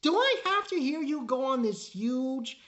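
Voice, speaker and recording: A man mockingly voicing a whiny, sulking male anime villain with a drawn-out complaining wail. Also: very high-pitched, expressive, a bit bright, muffled recording, voice pushed up, exaggerated voice. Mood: whining.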